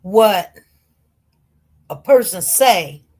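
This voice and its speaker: A woman with a Detroit accent telling her own story to viewers in an animated, emphatic way, often repeating her words. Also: mid-range voice, extremely slow. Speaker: live-stream commentator.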